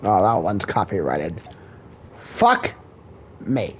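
A gamer in casual gameplay commentary, loud and profane, joking and bantering. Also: low-pitched, expressive, slow pace, slight background noise.

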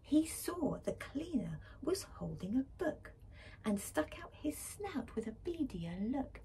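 A woman reading a picture book aloud to schoolchildren, gentle and expressive, often dropping to a whisper. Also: high-pitched, takes it slowly, a little hiss or hum. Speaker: school librarian reading to pupils.

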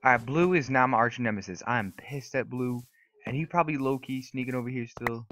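A young man giving casual, excitable gameplay commentary, trash-talking opponents and swearing often. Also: medium pitch, fairly quick. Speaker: gaming YouTuber. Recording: noisy recording with mouse and keyboard clicks.

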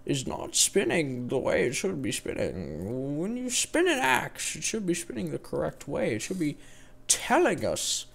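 A theatrical male storyteller, as a man puts him on, speaks with a put-on accent. His voice sits higher and louder than his everyday talk, and he stretches his lines for drama. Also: wildly swooping pitch, measured pace, gravelly, heavily acted.

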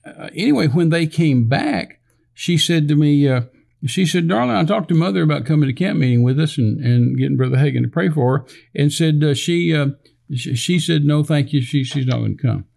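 Older man with gravelly voice. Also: medium pitch, expressive, normal speed, warm tone. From Texas. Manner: rambling, many fillers and restarts, acts out quoted dialogue. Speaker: minister telling a story on a podcast. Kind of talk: casual storytelling conversation.

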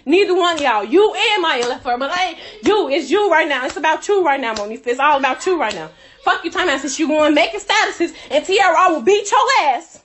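A woman's voice: high voice, animated, fast, a bit bright. A woman delivering a heated, profane rant, cursing and laughing through her anger. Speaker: friend telling her side.

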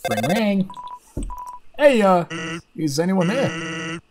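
A man voicing an easygoing male skeleton leaving a relaxed phone message in a game playthrough. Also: sits high, slow, noisy background. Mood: laid-back.

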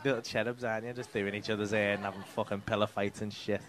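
A man's voice: fairly low pitch, flat delivery, fast, background noise. A male stand-up comedian doing crowd work, teasing people in the audience with sweary banter. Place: comedy club stage.

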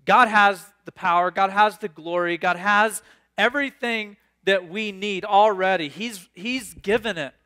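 A man preaching a sermon, reading scripture aloud and riffing on it with animated, excitable asides. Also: high voice, unhurried. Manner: animated, reads scripture then riffs with sudden bursts of excitement. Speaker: pastor.

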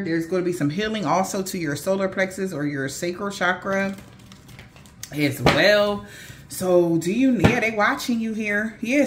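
A woman giving a casual spiritual tarot reading, excitable and often gasping and exclaiming. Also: medium pitch, a little hiss or hum. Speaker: tarot card reader.

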